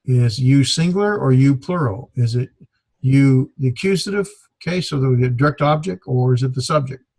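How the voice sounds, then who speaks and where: A man teaching a Greek grammar class, explaining in a halting way with many fillers. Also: medium pitch, darkish tone. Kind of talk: classroom lecture.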